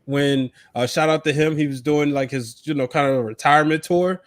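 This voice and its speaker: A man with a fairly high voice co-hosts a casual podcast. He tells stories in an animated way, full of fillers. His voice sounds dry and close, with no room echo. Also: a little fast. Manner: animated, filler-heavy storyteller. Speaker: podcast co-host. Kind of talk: casual chat.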